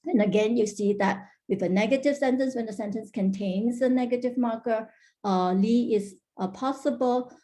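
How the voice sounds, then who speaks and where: Her voice is fairly high and warm, moving at a moderate pace, as she presents linguistics research at an online workshop. It's an academic conference talk given in a careful, explanatory way, with many hesitations, restarts and "uh" fillers.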